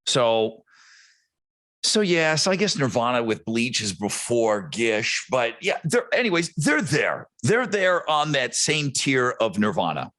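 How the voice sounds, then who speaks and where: Excitable, rambling male podcast host. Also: mid-range voice, measured pace, no room sound. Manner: rambling, excitable, frequent restarts. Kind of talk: casual chat.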